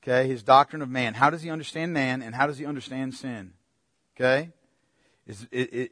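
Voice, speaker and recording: Animated man preaching a teaching sermon. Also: medium pitch, fast talker, dry recording, clean studio sound. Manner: conversational, checks in often with the crowd; animated swings from loud to quiet. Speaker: pastor.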